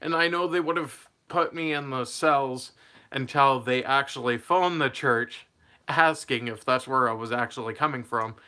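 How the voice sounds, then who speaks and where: Bright-voiced young man rambling through a story. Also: medium pitch, moderate pace. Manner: rambling, laughs mid-sentence, loses his train of thought. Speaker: vlogger telling a personal story. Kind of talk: casual storytime.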